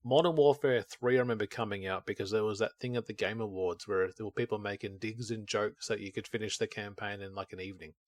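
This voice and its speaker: A man with a lowish, steady voice talks fast with hardly any pauses while co-hosting a podcast. In this casual chat he rambles and performs his own thoughts out loud.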